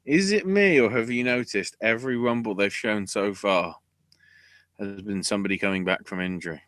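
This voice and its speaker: Guy on a podcast, lowish voice but bright and forceful, snarky rambling recap. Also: moderate pace, no room sound. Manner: rambling, sarcastic play-by-play with swearing. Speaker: podcast host. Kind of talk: casual recap chat.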